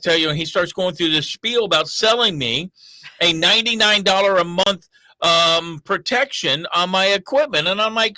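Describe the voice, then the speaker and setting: A middle-aged man tells a story on a casual morning show. He acts out both sides of his phone calls. His voice is high and bright, recorded close and dry. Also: moderate pace, dry recording.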